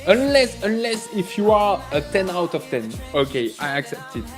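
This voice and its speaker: A man's voice: sits high, sing-song, normal speed, faint music behind. Joking French man hosting a live stream. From France. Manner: joking, rambling, greets chat viewers by name. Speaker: livestream trading host. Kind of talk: casual live-stream chat.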